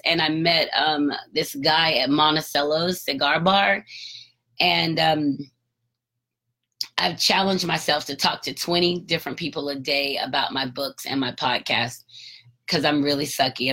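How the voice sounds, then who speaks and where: A woman hosting her own podcast, telling a story in a candid, casual way, swearing freely and getting animated as she retells an argument. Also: deep voice. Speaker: podcast host and author.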